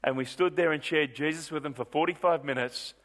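Middle-aged male preacher, high pitched, lively storyteller from the pulpit. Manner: animated storyteller, swings from brisk to drawn out. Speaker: pastor. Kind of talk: sermon storytelling.

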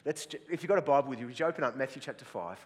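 A man's voice: mid-range voice, lively intonation, racing. A man with an Australian accent, a pastor opening a sermon with playful, self-mocking jokes to his congregation. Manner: jokey, self-mocking, laughs at own jokes. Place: large church hall. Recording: long hall reverb.

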